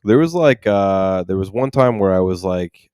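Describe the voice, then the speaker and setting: A man's voice: low voice, expressive, moderate pace, a little mellow, clear, resonant tone, dry recording, studio quality. A young man co-hosting a podcast, talking in an easygoing, casual way with lots of fillers. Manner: easygoing, filler-heavy, laughs along. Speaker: podcast co-host. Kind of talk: casual chat.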